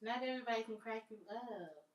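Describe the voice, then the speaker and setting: A woman's voice: fairly high pitch, a little fast. A woman chatting casually on a live stream, rambling and amused by her own jokes. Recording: roomy, distant from the mic.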